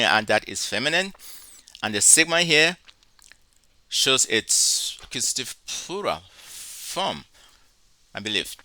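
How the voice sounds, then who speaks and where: Bright-voiced man teaching slowly. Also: mid-range voice, dry recording. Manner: slow, deliberate, spells out syllables. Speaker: Greek teacher. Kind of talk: recorded lecture.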